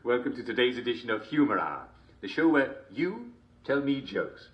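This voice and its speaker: A man's voice: medium pitch, very animated, normal speed, highs cut off, natural voice. A man playing a jovial, constantly chuckling TV host, mock-cheerful and smarmy. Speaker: show host. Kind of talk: comedic character monologue.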